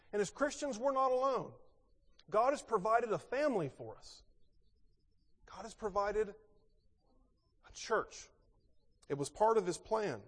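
A pastor preaching a sermon, asking rhetorical questions and moving between emphatic and quiet delivery. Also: male voice, sits high. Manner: expressive, rhetorical questions, swings between loud and soft. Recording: long reverb in a large hall.

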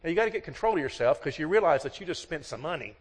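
A man's voice: on the high side, lively intonation, racing, breathy edge. Guy preaching a folksy marriage sermon, long reverb from a big hall, tells stories and does little voices for the people in them. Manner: folksy storytelling, acts out quoted voices.

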